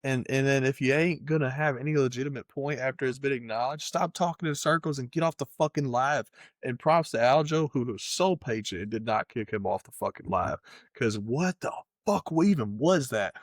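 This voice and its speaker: A man's voice: medium pitch, brisk, no echo, studio quality. A man co-hosting a podcast, ranting heatedly in casual chat and swearing constantly. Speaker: podcast co-host.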